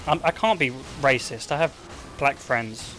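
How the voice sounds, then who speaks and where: A man's voice: medium pitch, unhurried, bright, forceful tone, soft background music. A young man chatting offhand to his stream while gaming, rambling and swearing, full of "like.". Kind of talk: casual livestream chat while gaming.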